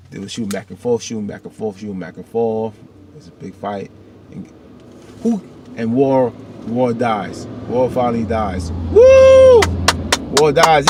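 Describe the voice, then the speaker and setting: A man's voice: lowish voice, a little mellow. Rambling man recapping a TV episode. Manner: rambling, backtracks often, addresses viewers as y'all. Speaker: TV episode reviewer. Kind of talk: casual spoken episode recap.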